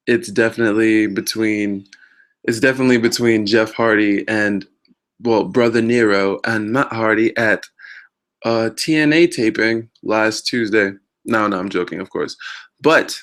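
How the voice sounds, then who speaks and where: A man's voice: on the low side, fairly bright tone. Rambling male wrestling vlog host. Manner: rambling, filler-heavy, self-mocking. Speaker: wrestling news show host. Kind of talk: casual vlog commentary.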